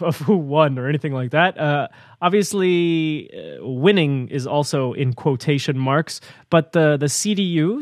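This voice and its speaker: A man's voice: a little high, no echo, clean studio sound. A man co-hosting a casual news podcast, playful and laughing often as he talks. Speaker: podcast co-host.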